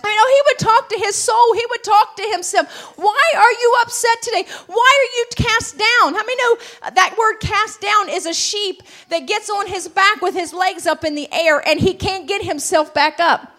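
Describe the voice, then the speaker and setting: Woman preacher, very high voice, builds to fervent shouts, hallelujah calls. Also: fairly even intonation, normal speed, few pauses. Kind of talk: sermon.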